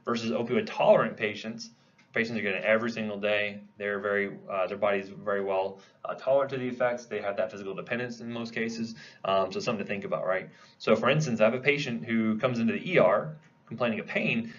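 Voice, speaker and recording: A man's voice: on the low side, fairly even intonation, fast talker, fairly bright tone, muffled recording. A man giving a classroom lecture in a conversational way, posing questions to the class and answering them himself. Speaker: pharmacology lecturer.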